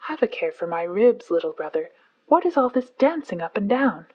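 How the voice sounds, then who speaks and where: A woman voicing a proud, sceptical panther who speaks slowly, quietly and mockingly in a storybook reading. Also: mid-range voice, very animated, lo-fi sound. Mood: teasing. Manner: slow, quiet, measured, mocking. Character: proud, cool black panther, dry and sceptical.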